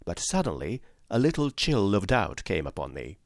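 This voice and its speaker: A man reading a first-person story aloud in a measured, expressive storytelling manner. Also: deep voice, gravelly, no room sound, studio quality. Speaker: audiobook narrator.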